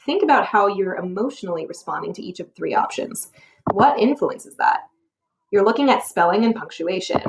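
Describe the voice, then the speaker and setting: A woman teacher reading a scripted lesson, explaining clearly and posing rhetorical questions. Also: mid-range voice. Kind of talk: scripted narration for a test-prep lesson.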